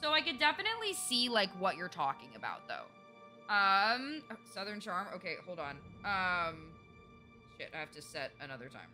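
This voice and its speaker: A woman's voice: fairly low pitch, very animated, moderate pace, sharp tone, soft background music. A woman streaming a game, chatting casually with viewers, swearing freely and teasing them. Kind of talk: casual livestream chat while gaming.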